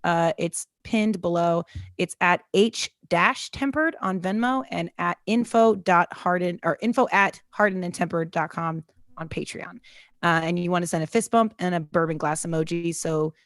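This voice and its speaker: A young adult woman hosting a casual livestream interview, chatty and quick with stories and asides. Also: on the low side, dry recording, studio quality. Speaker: comedian interview host.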